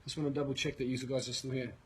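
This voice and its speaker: A man with an Australian accent, a leadership coach telling a story in a live webinar, energetic and swearing as he retells it. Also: medium pitch, rapid-fire, slightly rough, rough recording.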